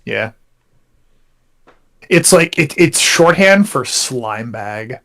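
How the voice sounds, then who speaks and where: A man chimes into a relaxed chat with quick, joking remarks. His pitch sits in the middle range. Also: creaky. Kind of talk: casual chat.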